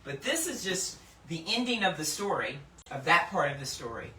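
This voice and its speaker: A woman leads a casual Bible lesson in a lowish voice that rises and falls with lively swings, laughing often and stretching out scripture as she reads. She sounds some distance from the mic in an echoey indoor room with a faint hum of background noise. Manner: animated, laughs often, slows down to read scripture with emphasis. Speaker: Bible teacher and host.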